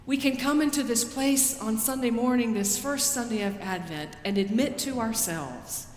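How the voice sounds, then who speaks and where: A woman pastor preaching a sermon in a slow, deliberate way, rising for quoted pleas and dropping soft after them. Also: fairly high pitch. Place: church sanctuary. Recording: roomy church with long reverb.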